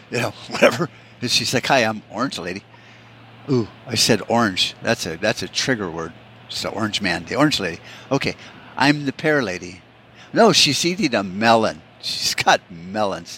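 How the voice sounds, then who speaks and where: A man's voice: fairly low pitch, fairly bright tone, a little hiss or hum. A middle-aged man hosting a podcast, telling rambling, profane stories in a casual monologue and slipping into quoted voices. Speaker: podcast host.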